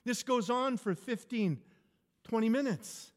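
A man, a pastor, telling a humorous personal story in an animated sermon. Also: high voice, a little slow, pauses often. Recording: echoey hall.

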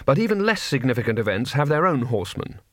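Male audiobook narrator, wry and expressive, lively pitch, dry booth sound. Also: quick pace, no room sound.

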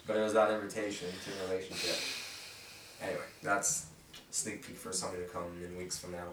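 A man's voice: low voice, level tone, a little fast, background noise. A man leading a casual Bible study. He talks loosely and conversationally, reads scripture aloud, then stops to ask the group questions. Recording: roomy and distant from the mic.

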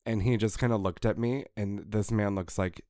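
A man co-hosting a podcast, chatting casually and telling an animated, jokey story. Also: fairly low pitch, moderate pace, no echo, clean studio sound. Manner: animated, jokey, raises voice for quoted lines. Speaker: podcast co-host.

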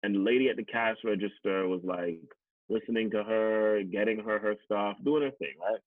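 An adult Canadian man, past teachers college, tells candid personal stories bluntly and emphatically, swearing and repeating words for stress. His lowish voice has fairly even intonation at normal speed, and the dry recording sounds tinny, like a phone, with no echo.

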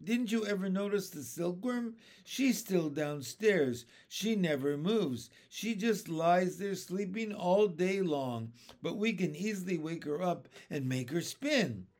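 A man voicing an old, wise male green grasshopper in a storybook reading, sharp and fatherly. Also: high-pitched, lively intonation, takes it slowly, hardly any pauses, pitched above the performer's own voice. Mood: eager.

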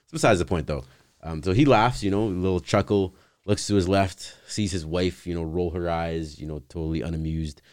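Very deep-voiced male podcast co-host. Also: a little fast, no room sound, clean studio sound. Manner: relaxed, rambling, with many ums and you-knows. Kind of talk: casual chat.

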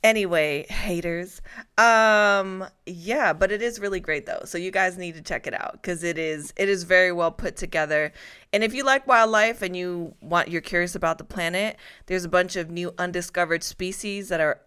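A woman's voice: lowish voice, normal speed, sharp tone, clean tone. A woman hosting a casual talk show, chatty and laughing often as she reads headlines.

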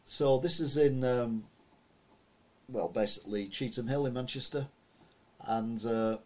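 A man's voice: medium pitch, measured pace. A man giving a casual, rambling commentary on the week's news, full of anecdotes and asides.

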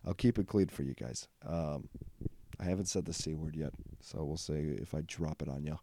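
A man's voice: a bass voice, normal speed, mellow, slight background noise. A young man hosting a comedy podcast, rambling through a casual monologue with lots of cursing and fillers. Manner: rambling, profane, heavy on fillers. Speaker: podcast host.

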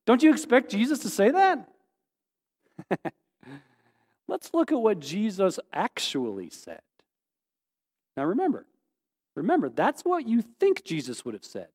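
A man preaching a sermon as pastor, lively and animated, acting out quoted voices and putting questions to his listeners. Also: high-pitched, moderate pace, long reverb tail.

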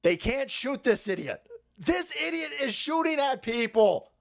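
A man's voice: very high voice, sing-song, measured pace, gravelly. A man from California ranting on a livestream, swearing often, laughing and mocking as he talks. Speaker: livestream commentator. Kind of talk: profane political rant on a livestream.

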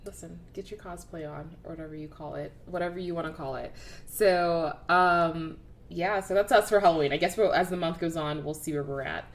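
Low-voiced laid-back woman podcast host. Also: fairly quick. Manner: laid-back, rambling, laughs often. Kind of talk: casual chat.

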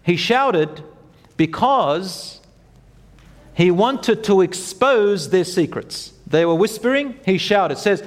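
Male preacher, animated storyteller, chants verses, reverberant hall recording. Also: high voice, slow. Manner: animated, acts out quotes, chants Quran verses. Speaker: Islamic preacher. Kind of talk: storytelling sermon.

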